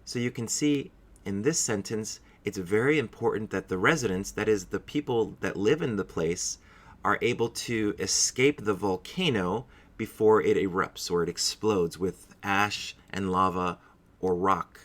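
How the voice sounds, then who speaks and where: A man teaching English vocabulary in a clear, deliberate, encouraging way. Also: lowish voice. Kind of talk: scripted vocabulary lesson.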